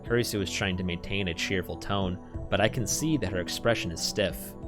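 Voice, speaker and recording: A low-voiced man streamer reads a visual novel aloud, narrating in an earnest, anxious manner. Faint music plays underneath. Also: brisk.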